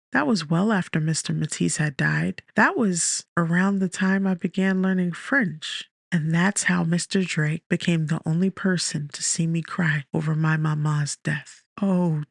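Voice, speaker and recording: A man narrating a romance audiobook in the first person, measured and emotive. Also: fairly high pitch, gravelly, dry recording, studio quality.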